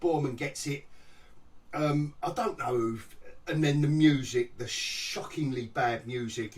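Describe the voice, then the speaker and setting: A man's voice: on the high side, lively intonation, a little slow, recorded from a distance. A man ranting sarcastically in a casual TV review vlog, rambling and mocking the show. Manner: mocking, rambling, restarts often, laughs at the show. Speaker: TV review vlogger.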